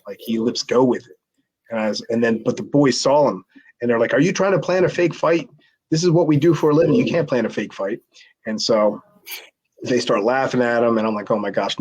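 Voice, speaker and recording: A middle-aged man, a former pro wrestler, tells a long backstage story as an interview guest. His pitch sits in the middle for a man. He acts out what others said by jumping up in his voice, and he often stops and restarts his sentences. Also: dull audio. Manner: animated storyteller, acts out quotes with a raised voice, many restarts.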